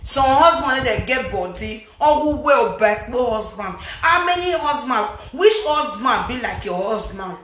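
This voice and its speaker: A woman vlogger with a Nigerian Pidgin accent, gossiping and scolding in animated casual commentary, mixing Pidgin with a local language. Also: on the high side, unhurried, few pauses, roomy sound.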